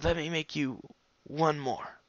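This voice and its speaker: A man voicing a grieving young female pegasus pony in a fan fiction reading, speaking quietly with a halting, breaking voice. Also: a little high, steady tone, no echo, highs cut off, voice pushed up. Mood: grieving, tearful. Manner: quiet, halting, broken speech. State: tearful, voice cracking.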